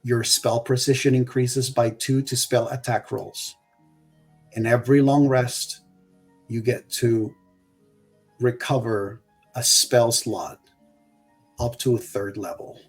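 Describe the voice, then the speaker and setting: Slow-talking game master. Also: male voice, mid-range voice, fairly even intonation, breathy edge, faint music behind. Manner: slow, descriptive narration. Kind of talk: narrating a tabletop game.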